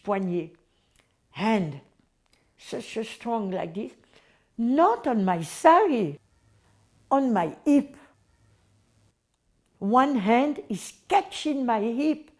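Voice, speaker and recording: Brief: French woman telling a memory, slow and emphatic, searching for words. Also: fairly high pitch, a little mellow. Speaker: devotee recalling memories. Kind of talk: personal reminiscence.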